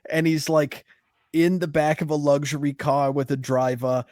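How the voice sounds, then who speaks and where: A man's voice: on the high side, fairly even intonation, moderate pace, a little mellow, no echo. Playful slangy man retelling movie plots. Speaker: podcast co-host. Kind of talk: casual movie review chat.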